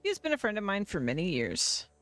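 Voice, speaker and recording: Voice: mid-range voice, wildly swooping pitch, fast talker, fairly bright tone, dry recording. A streamer voicing a formal wise woman in a game who speaks with cats. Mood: solemn. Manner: formal, solemn.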